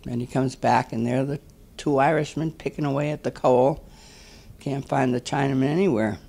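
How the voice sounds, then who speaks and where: An older man telling a string of jokes as a standup comic, often clearing his throat and laughing at his own punchlines. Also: mid-range voice, steady tone, brisk, a little mellow. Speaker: standup comedian.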